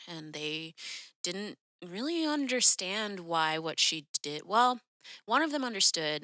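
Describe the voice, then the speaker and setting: A woman's voice: low-pitched, bright, forceful tone, smooth, dry recording, clean studio sound. A young woman hosting a podcast, telling a story in a chatty, casual way full of "like" and "um". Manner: chatty, lots of "like" and "um", acts out quoted voices. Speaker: podcast host.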